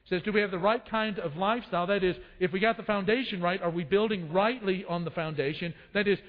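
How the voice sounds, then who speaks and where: A man preaching a sermon to his congregation, calling for responses and repeating phrases for emphasis. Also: sits high. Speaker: pastor. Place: church sanctuary. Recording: dull sound in a reverberant church hall.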